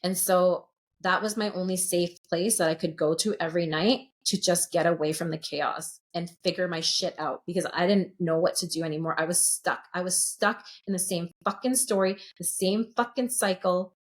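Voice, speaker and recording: A woman's voice: fairly low pitch, steady tone, normal speed. Candid, profane woman in her late 30s. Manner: earnest, swears freely, emotionally open. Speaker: sound healer, podcast guest. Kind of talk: candid podcast conversation.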